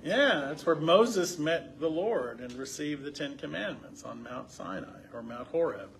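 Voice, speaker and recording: A slightly high-voiced man teaches scripture in a relaxed, conversational way. He asks his listeners questions and lifts his voice when he reads passages aloud. Faint room noise sits under him. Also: measured pace, vocal fry. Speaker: pastor leading a Bible study.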